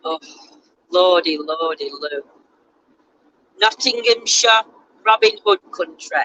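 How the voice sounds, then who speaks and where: Speaking slowly in an expressive, lowish voice with a bright, forceful tone, a vlogger chats casually and teases herself during a road trip. Car noise from the moving vehicle fills the background, and the audio quality is poor.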